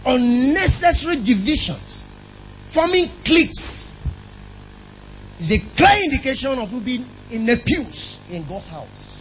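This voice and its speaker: Man, very high voice, preacher, emphatic sermon, questions to the congregation, faint noise behind. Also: poor audio.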